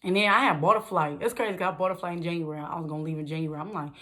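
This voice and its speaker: This young Detroit, USA vlogger talks very fast as she casually tells a story to camera. She has a somewhat low voice that spikes in pitch for emphasis, keeps the mood loose and lively, and laughs a lot.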